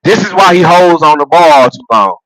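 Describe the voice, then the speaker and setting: A man on a loose, profane football rant, full of laughs and restarts. His voice is bright and forceful, and it sits dry and close with no room sound. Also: fairly high pitch, normal speed, no echo, rough recording. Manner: animated, profane, laughs at his own jokes; repeats phrases and restarts while building a point. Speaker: sports vlogger and football fan. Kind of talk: casual sports rant.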